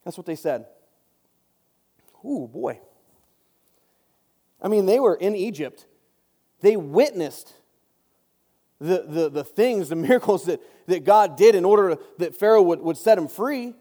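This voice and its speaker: A man's voice: sits high, lively intonation, a little slow, pauses often, mellow. A man giving a casual Bible study talk, chatty and joking, often breaking off into asides. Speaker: Bible teacher. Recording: long reverb.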